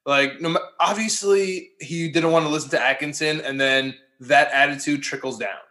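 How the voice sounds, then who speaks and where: A man's voice: on the high side, moderate pace, pushed and bright. A man talking sports on a podcast, reasoning through his point casually and checking in with "right?".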